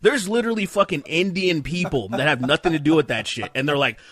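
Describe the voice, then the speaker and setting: Man, podcast co-host, crude banter, slightly high voice, dry close mic. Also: a little fast, a bit bright, slightly rough, no room sound. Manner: crude, joking, talks over others.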